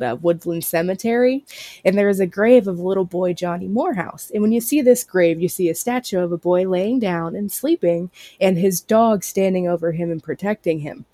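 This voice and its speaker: A woman's voice: lowish voice, mellow, no echo. A woman guest on a podcast, steadily telling urban legends in casual chat.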